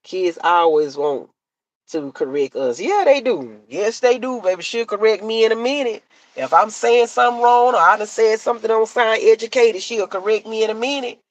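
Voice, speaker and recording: Middle-aged woman streamer, rambling and good-humored, a touch higher-pitched than typical men's voices, dry close sound. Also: lively intonation, moderate pace, no room sound, dull audio. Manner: chatty and repetitive, laughs easily. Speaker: live-stream content creator. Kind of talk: casual live-stream chat.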